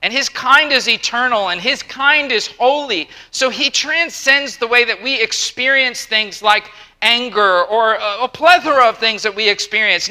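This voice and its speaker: A middle-aged man preaching a sermon, emphatic and repeating himself, with quick acted-out asides. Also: high-pitched, bright, forceful tone, low-quality recording. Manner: emphatic, repeats words, acts out quotes. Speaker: pastor.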